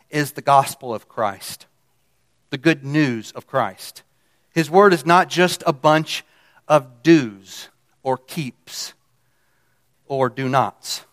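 Preaching a sermon, a man leans hard on key phrases and lets his voice sink low at the end of his lines. His tone is fairly bright.

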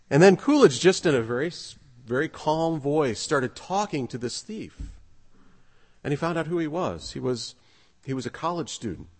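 Man, pastor, sermon, earnest storytelling, mid pitch, long hall reverb. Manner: storytelling, earnest, conversational with fillers.

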